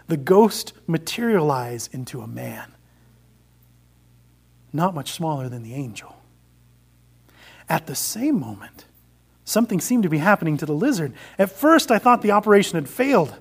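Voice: mid-range voice, husky. A preacher giving a sermon, retelling a story and exhorting the congregation. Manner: earnest, exhorting.

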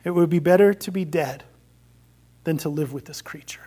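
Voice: medium pitch, lively intonation, a little fast, natural voice. A preacher doing a stammering frightened ghost man. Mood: whispered despair. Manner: stammering, protesting. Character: frightened, dithering male ghost.

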